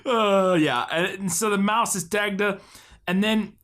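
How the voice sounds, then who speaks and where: A man's voice: high-pitched, a little slow, fairly bright tone. A man co-hosting a movie podcast, recapping the plot casually, laughing and acting out lines in silly voices. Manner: loose, laughing, acts out film dialogue in silly voices. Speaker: podcast co-host. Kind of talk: casual movie-review chat.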